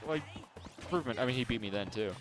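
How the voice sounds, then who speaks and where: A young man breaks down fighting-game plays with eager, quick-fire commentary. He talks rapidly, and music plays clearly in the background. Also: mid-range voice, lively intonation. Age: young adult. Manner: eager, quick analytical chatter. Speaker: esports commentator. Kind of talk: casual play-by-play commentary.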